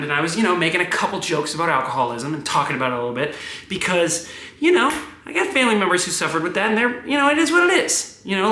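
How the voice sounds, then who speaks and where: A young man in his twenties talks in a rambling vlog monologue, swearing freely and telling his stories with plenty of animation. His voice sits fairly high and bright, and it swings up and down a lot. The sound bounces around a roomy, echoey room. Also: a little hiss or hum. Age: 20s. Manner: profane, animated storytelling. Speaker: vlogger.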